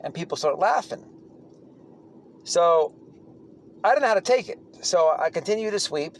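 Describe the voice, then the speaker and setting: A man's voice: high-pitched, expressive, normal speed, slight background noise. A man telling stories from prison in a casual, blunt monologue, swearing freely and often restarting his sentences. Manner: blunt, profane, rambling with restarts.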